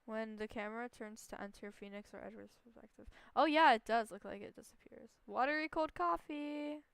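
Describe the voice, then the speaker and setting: A woman's voice: mid-range voice, brisk, creaky, clean tone, no room sound. A woman streamer giving casual, playful commentary while playing a game, with rambling, self-deprecating asides.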